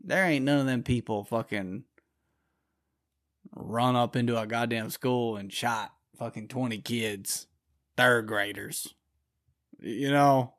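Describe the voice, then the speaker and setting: A man's voice: mid-range voice, slow, long pauses, a bit bright. A man hosting his own show, delivering a blunt, profane, rambling solo rant.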